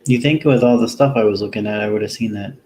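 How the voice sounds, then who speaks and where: A man hosting a solo fantasy football show, talking casually and rambling with plenty of pauses, tired after a long day. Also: fairly low pitch, dark tone, a little hiss or hum, poor audio. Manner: rambling, lots of ums and restarts, easygoing. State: tired, yawning. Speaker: fantasy football podcast host.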